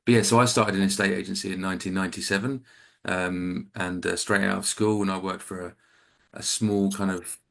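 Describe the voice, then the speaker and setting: A man's voice: deep voice, little pitch movement, a little fast, gravelly, fairly bright tone. A man in his forties with an English accent, a guest on a video call, talking in a chatty, self-deprecating way with rambling asides. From England. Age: 40s. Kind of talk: casual video-call chat.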